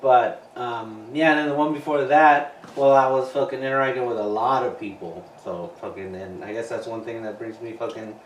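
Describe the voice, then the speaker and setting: A man's voice: mid-range voice, normal speed, few pauses. A man co-hosting a podcast, talking casually with short, profane replies. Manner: laid-back, profane, terse replies. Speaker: podcast co-host. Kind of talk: casual chat. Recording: echoey room, mic at a distance, faint hiss.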